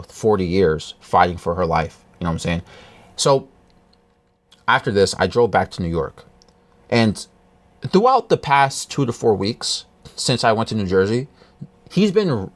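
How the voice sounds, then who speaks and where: Man with a lowish voice, confiding. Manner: halting, with many restarts and fillers; earnest, confiding. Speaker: vlogger. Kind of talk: personal storytelling to camera.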